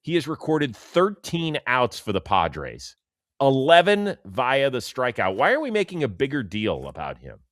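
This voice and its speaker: A man co-hosting a casual sports talk show, animated and sarcastic, often dropping into mocking quotes. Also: mid-range voice, measured pace, no echo, studio quality. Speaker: co-host.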